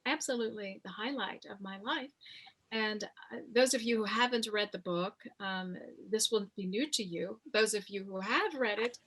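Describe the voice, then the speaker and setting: A woman in her fifties, an author interviewed about her memoir, telling her story slowly and reflectively with many pauses. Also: medium pitch, a bit bright, breathy edge. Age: 50s.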